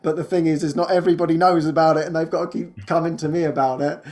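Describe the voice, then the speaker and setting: In conversation, a man shares personal spiritual experiences, earnest and laughing often, repeating words as he hunts for them. He tells it as a story and acts out his own inner voice. His pitch is fairly high, his tone darkish, his intonation fairly even, and he talks quickly.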